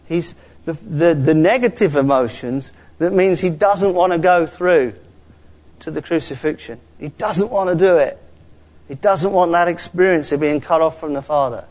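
A man preaching a sermon, swinging between quiet asides and rising exclamations. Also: high-pitched.

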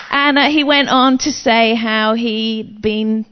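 A woman's voice: a little high, fairly even intonation, takes it slowly, clean tone. Chatty woman preaching in a hall. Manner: chatty, self-deprecating, frank. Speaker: Christian speaker. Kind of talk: testimony-style preaching. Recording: long reverb, dull lo-fi sound.

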